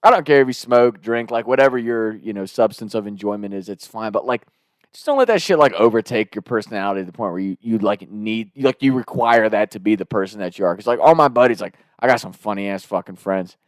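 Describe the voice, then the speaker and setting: A young man telling a party story in a casual, animated way, swearing and laughing often. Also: lowish voice, fast, dry recording, clean studio sound.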